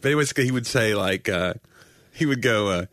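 A man co-hosting a casual comedy podcast, joking in a dry, self-deprecating way. His voice sits on the low side yet swings widely in pitch. The mic is close and dry. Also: animated, fairly quick, fairly bright tone, no room sound. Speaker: podcast co-host.

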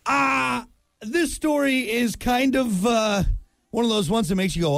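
A man's voice: very high-pitched, unhurried, vocal fry, no room sound. A man hosting a morning radio show, telling stories with self-deprecating humor and reading ads. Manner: animated, self-deprecating storytelling with laughs. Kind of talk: morning radio banter and ad reads. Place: radio studio. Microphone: studio microphone.

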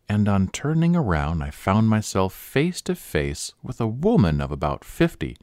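A man hosting a short-story podcast, reading in a measured, expressive narration on a close studio mic. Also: lowish voice, no room sound. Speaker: podcast host and story reader. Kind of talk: scripted narration.

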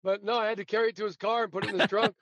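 High-voiced man telling lively stories. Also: racing, dry recording, highs cut off. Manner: animated anecdotes, laughs often. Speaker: guest storyteller, sportswriter. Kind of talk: casual storytelling interview.

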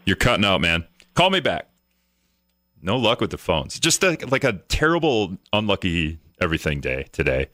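A man's voice: deep voice, sing-song, moderate pace, sharp tone, dry recording. A man hosting a casual talk radio show from a studio, rambling and joking at his own expense. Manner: rambling, joking, self-mocking. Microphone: studio microphone.

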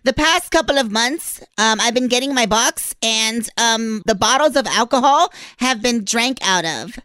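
A woman voicing a pushy, indignant middle-aged mother who rapidly accuses and interrupts in a prank-call comedy bit. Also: a little high, lively intonation, pushed and bright, no room sound.

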